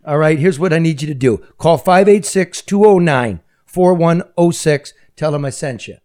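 A man hosting a talk show, chatting casually and making jokey, rambling sponsor pitches. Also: normal speed, darkish tone. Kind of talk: casual talk show chat with live ad reads.

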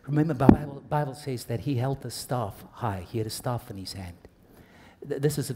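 Impassioned preacher man, slightly high voice. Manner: swings from soft hushed asides to loud impassioned preaching; talks to the congregation directly with call-and-response prompts. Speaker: pastor. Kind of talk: sermon.

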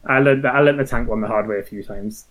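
A laid-back man chatting about a game with friends. His voice sits at an ordinary middle pitch and wanders as he corrects himself mid-sentence. His humor is wry. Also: fast, a bit bright. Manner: rambling, self-correcting, wry. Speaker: podcast co-host. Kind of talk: casual review chat.

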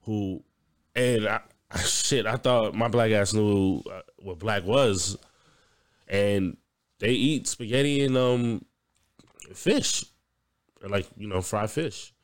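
A man's voice: fairly low pitch, takes it slowly, long pauses. A young man co-hosting a casual podcast, laughing often, swearing freely and acting out what others said. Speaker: podcast co-host. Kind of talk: casual banter.

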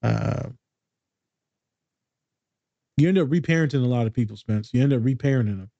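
A man's voice: mid-range voice, moderate pace, creaky, mellow, dry recording, dull audio. A man talking in a casual podcast chat as a therapist, blunt and streetwise, swearing freely.

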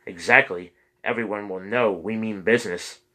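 A man's voice: on the low side, normal speed, pushed and bright, low-quality recording. A man reading the lines of a resolute businessman urging a protest. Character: determined male businessman proposing protest.

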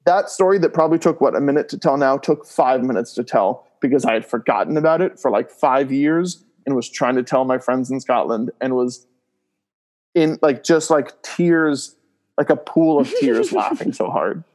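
A man's voice: mid-range voice, moderate pace. A man guesting on a podcast, telling family stories in casual chat, often laughing and filling his talk with "like" and "um". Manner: animated storyteller, laughs often, voices loud screams in stories; many fillers like "like" and "um".

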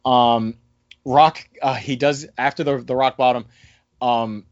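A man co-hosting a casual wrestling recap podcast, talking animatedly and slipping into excited impressions now and then. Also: medium pitch, takes it slowly, no room sound, lo-fi sound. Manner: animated, breaks into excited mimicry. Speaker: podcast co-host.

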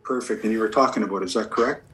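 A man's voice: lowish voice, rapid-fire, a bit bright, husky, rough recording. A man working as a medium and giving a spirit reading. He asks a string of short yes-or-no questions and answers each reply with "okay, perfect.".

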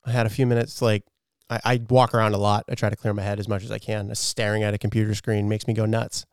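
A man's voice: on the low side, little pitch movement, fast talker, clear, resonant tone, no echo, studio quality. A man co-hosting a podcast, chatting casually, swearing often and laughing easily. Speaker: podcast co-host.

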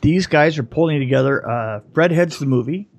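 Jokey man with a higher voice, animated storyteller on a casual podcast. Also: normal speed. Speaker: podcast co-host, film effects veteran.

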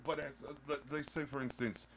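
A man who works as a voice actor, co-hosting a podcast in casual chat, animated and quick to laugh. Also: mid-range voice, a little hiss or hum. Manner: animated, laughs often, jumps in over his co-host. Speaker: podcast co-host.

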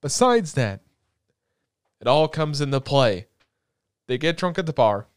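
A young man hosting a casual chat, recapping a story in an animated, rambling, crude and joking way. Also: on the high side, unhurried, clear, resonant tone, no echo, clean studio sound.

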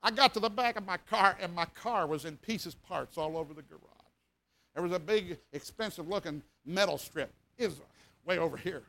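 A man, a revival preacher telling a folksy, animated story in a sermon and acting out sounds and voices. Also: sits high, brisk, creaky.

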